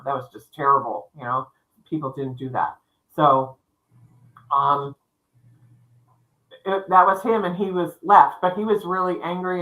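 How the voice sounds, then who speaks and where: A middle-aged woman tells her tale in a bright, forceful voice that sits a little low. She rambles and restarts, acting out what each person said. She talks casually into a livestream microphone. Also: rough recording. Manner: rambling, with restarts and quoted dialogue. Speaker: psychic storyteller co-hosting a livestream. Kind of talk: casual spoken storytelling.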